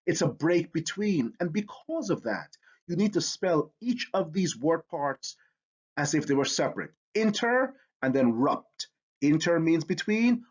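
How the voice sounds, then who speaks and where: A man leads a spelling lesson with a husky, slightly raised voice that swings up and down constantly. He is energetic and emphatic, stretching out words to sound them out. The recording is dull and lo-fi. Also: fairly high pitch. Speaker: teacher.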